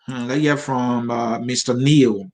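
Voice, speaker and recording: A man's voice: mid-range voice, steady tone, a little slow, darkish tone. A man hosting a live political interview, firm and scolding when he addresses viewers. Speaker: interviewer, show host.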